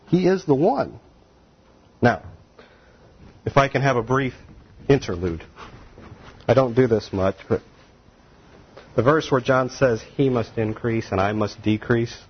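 Husky preacher man, lo-fi. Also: medium pitch, measured pace, pauses often. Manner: animated, conversational preaching with asides and laughs. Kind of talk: sermon.

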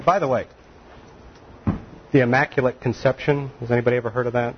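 A man's voice: medium pitch, steady tone, fairly quick. Man, sermon, folksy and laughing, slightly muffled sound, faint room noise. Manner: folksy, laughs often, acts out quoted voices. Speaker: pastor.

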